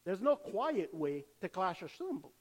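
Casting: older male pastor, high-pitched, animated sermon, church hall echo. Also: unhurried. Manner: animated preaching, acts out cheering fans.

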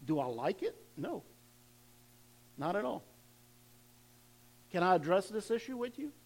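A man's voice: high-pitched, big pitch swings, unhurried. A man preaching a sermon in a conversational way, asking his congregation questions and often repeating words as he goes. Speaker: pastor.

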